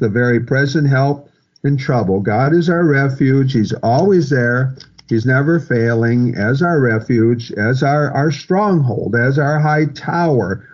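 A man preaching a sermon, quoting and repeating scripture in a measured, earnest way. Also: mid-range voice, a little mellow, lo-fi sound. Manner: slow, repetitive preaching with scripture quotes.

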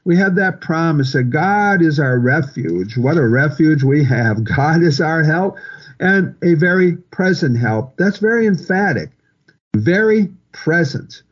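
A man preaching a sermon, quoting and repeating scripture in a measured, earnest way. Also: a little high, expressive, highs cut off. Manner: slow, repetitive preaching with scripture quotes.

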